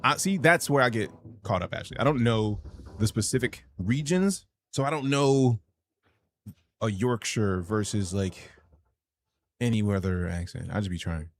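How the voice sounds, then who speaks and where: A man's voice: on the low side, animated, normal speed. A man from Chicago streaming a space game, chatting casually and rambling with jokes and profanity. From Chicago, United States. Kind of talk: casual gaming livestream chat.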